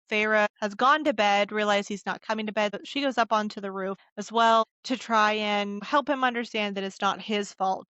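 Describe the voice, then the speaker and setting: A woman's voice: mid-range voice, fairly bright tone, no room sound, highs cut off. A woman hosting a podcast, recapping a book chapter in casual chat and musing aloud with open questions. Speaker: podcast host.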